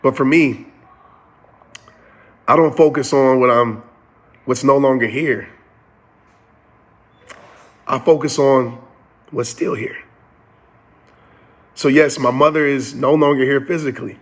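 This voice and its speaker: A man's voice: mid-range voice, takes it slowly, long pauses. A man giving a motivational talk in an earnest, preacher-like cadence with repeated phrases. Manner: addresses listeners as y'all. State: getting emotional. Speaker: motivational speaker.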